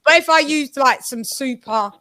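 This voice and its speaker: A British woman hosting a casual chat, her bright and forceful. She talks in a chatty, animated way, sits a little high in pitch, and sounds close and dry to the mic. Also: normal speed, no room sound. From United Kingdom. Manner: chatty, slips into impressions and slang. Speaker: show host. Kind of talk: casual group chat on a call.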